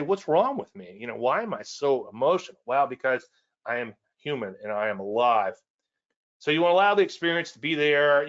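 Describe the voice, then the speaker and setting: A man's voice: fairly high pitch, fairly bright tone. Chatty male trading teacher, slightly muffled. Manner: conversational and rambling, with self-deprecating asides and repeated points. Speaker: trading educator and show host. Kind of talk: casual teaching on a weekly market show.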